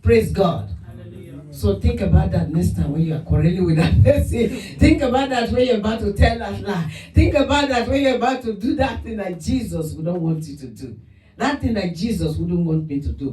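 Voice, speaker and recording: Animated woman pastor preaching in echoey hall. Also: mid-range voice, normal speed. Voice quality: lively preaching, laughs often, lapses into mock tongues. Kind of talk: sermon. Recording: echoey room, voice from a distance.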